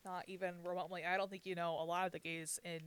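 A woman's voice: lowish voice, flat delivery, quick pace, clean tone. A young woman telling gossipy family stories in casual chat, with lots of laughter and filler words. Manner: storytelling with frequent laughs and "like" fillers. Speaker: podcast co-host.

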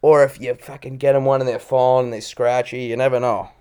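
A man's voice: mid-range voice, little pitch movement, fast talker, darkish tone, smooth. Male co-host, casual chat, cusses constantly, acts out voices in his stories, petty and combative. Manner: petty and confrontational. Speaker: podcast co-host.

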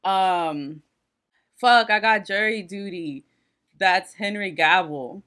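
A woman's voice: medium pitch, takes it slowly, fairly bright tone. A woman co-hosting a casual podcast, talking in a loose, slangy way. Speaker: podcast co-host. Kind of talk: casual chat.

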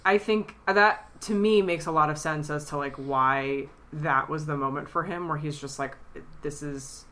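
Bright low-voiced woman, tearfully animated. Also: moderate pace. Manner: animated retelling, acts out lines in a high squeaky voice. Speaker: podcast co-host. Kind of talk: casual chat.

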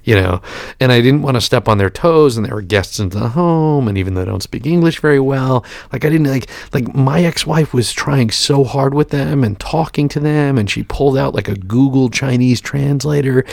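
A man's voice: mid-range voice, normal speed, creaky, hardly any pauses, no echo. A middle-aged man, congested with a cold, rambling through a casual podcast chat with lots of fillers. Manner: rambling, animated storytelling with many fillers.

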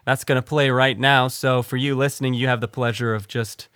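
A man's voice: medium pitch, steady tone, brisk, fairly bright tone, no room sound, studio quality. Rambling male podcast co-host. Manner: rambling, many restarts and fillers. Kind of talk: casual podcast chat.

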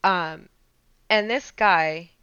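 A woman, an Air Force veteran, telling a story in a casual, animated chat full of slang and laughter. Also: fairly low pitch, very slow, clear, resonant tone, no room sound, lo-fi sound.

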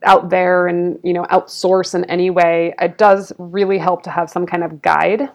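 Gravelly low-voiced woman, earnest. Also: flat delivery, normal speed. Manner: reflective, earnest, many fillers. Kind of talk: conversational interview.

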